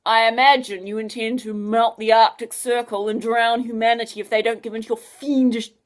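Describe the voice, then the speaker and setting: A woman's voice: a little high, little pitch movement, brisk, lightly acted. A woman doing an earnest teenage boy spy. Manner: prim and matter-of-fact. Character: earnest eighteen-year-old male boy spy, brave and know-it-all.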